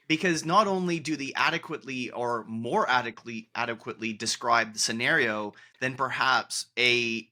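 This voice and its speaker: A man's voice: medium pitch, sharp tone. A man hosting a podcast interview, reflective and articulate, explaining ideas at length. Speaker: podcast host and coach. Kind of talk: conversational interview.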